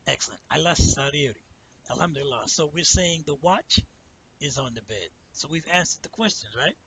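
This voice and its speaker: A man teaching a language lesson, explaining step by step, drawing out example words slowly and checking in with "right?" as he goes. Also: on the high side, expressive, sharp tone, breathy edge, low-quality recording. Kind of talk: patient spoken lesson.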